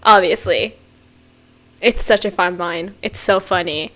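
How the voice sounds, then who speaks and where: A woman hosting a casual music reaction video, excitable and gushing, with frequent breathy exclamations. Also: fairly low pitch, a little slow. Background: faint music playing.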